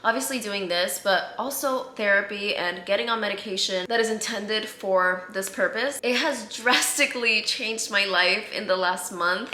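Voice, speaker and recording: A young woman in her twenties chatting candidly in a casual vlog at home, laughing easily. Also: medium pitch. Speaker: vlogger. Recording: echoey room with loud ambient noise.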